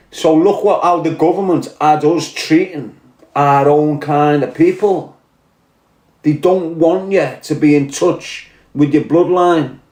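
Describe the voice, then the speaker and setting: A man's voice: a little high, a little mellow. Heated Scouse man, roomy echo. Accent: Liverpool (Scouse). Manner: blunt, profane, heated and exhorting. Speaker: podcast host. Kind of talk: impassioned monologue to camera. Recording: roomy echoey room.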